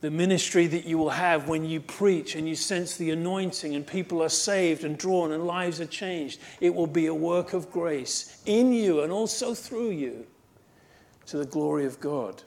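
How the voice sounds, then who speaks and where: A man's voice: a little high, normal speed, a little mellow. A man preaching a sermon as pastor, emphatic, building to fervent exhortation and repeating phrases in rhythmic lists.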